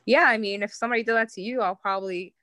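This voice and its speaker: A woman's voice: mid-range voice, very fast, bright, forceful tone, no echo. A young woman from New York with a New York accent, a podcast guest telling stories in casual chat, with many 'like' fillers. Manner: storytelling with heavy 'like' fillers.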